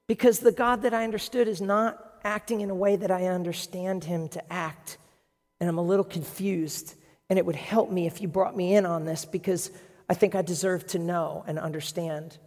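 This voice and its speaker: Pastor, sermon, dramatic storytelling, hushed then loud, long hall reverb. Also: mid-range voice, fairly even intonation, moderate pace. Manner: dramatic, acts out voices in quotes, swings from hushed to loud; conversational storytelling with restarts.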